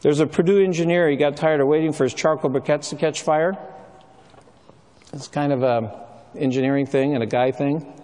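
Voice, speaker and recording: A man's voice: a little high, moderate pace, dark tone. A middle-aged man giving a sermon, telling stories in a conversational way with frequent ums and uhs. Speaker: speaker. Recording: long reverb of a large hall.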